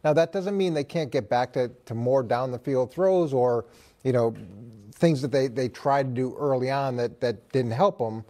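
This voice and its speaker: Former coach type breaking down the game, calm and steady, warm low-key voice. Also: male voice. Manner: measured, analytical. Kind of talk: sports talk show.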